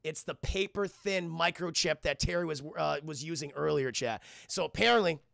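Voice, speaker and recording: A man recapping a cartoon episode to his live chat, excitable and heavily profane. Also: fairly high pitch, normal speed, vocal fry, no room sound, studio quality. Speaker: streamer and cartoon reviewer.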